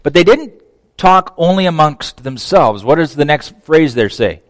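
A man preaching a conversational sermon, swinging from emphatic to hushed. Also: fairly high pitch, lively intonation, measured pace, no room sound, long reverb tail. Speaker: pastor.

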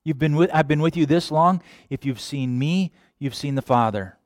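A man preaching a sermon, animated, sometimes acting out quoted voices. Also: a little high, moderate pace, dry recording, studio quality. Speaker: pastor.

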